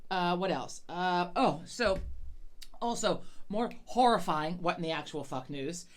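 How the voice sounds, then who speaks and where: A woman's voice: lowish voice, lively intonation, unhurried. A woman co-hosting a podcast in casual chat, rambling and swearing often, stammering on her words. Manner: profane, rambling, frequent stammers. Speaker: podcast co-host.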